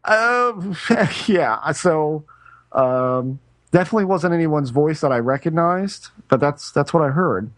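A middle-aged man, co-hosting a podcast, talks casually and tells a wandering story, often stopping and starting his sentences again. His slightly high, expressive voice moves slowly with many pauses, and there's no echo.

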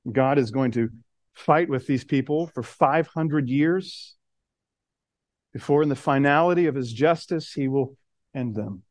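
A man preaching a sermon, earnest, slowing and dropping soft on key words, then rising as he builds. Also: dry recording. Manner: earnest, rises in pitch and intensity as he builds. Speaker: pastor.

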